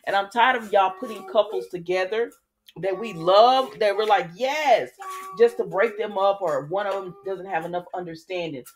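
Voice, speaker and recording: A woman's voice: medium pitch, normal speed. Chatty woman recapping soap episodes. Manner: chatty, opinionated, talks straight to viewers. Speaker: soap opera recap host. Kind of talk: casual chat recapping episodes.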